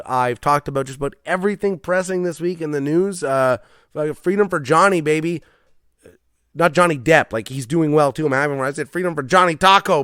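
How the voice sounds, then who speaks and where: A man's voice: fairly high pitch, fairly bright tone, smooth, dry recording, clean studio sound. A man hosting a solo comedy podcast from his garage, rambling, self-deprecating and swearing often. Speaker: podcast host. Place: home garage.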